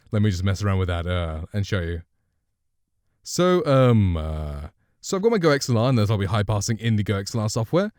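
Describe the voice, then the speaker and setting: A man's voice: medium pitch, darkish tone, no echo. A man streamer giving a casual review and demo of a microphone, chatty and rambling, often correcting himself, speaking into a studio condenser mic up close at his home streaming setup.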